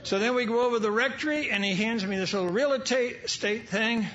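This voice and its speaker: With a very high, fairly bright voice, a little on the fast side, an older man from New York addresses a recovery meeting audience through stories laced with wry humor. The setting is a large event hall, and the live recording sounds dull and lo-fi.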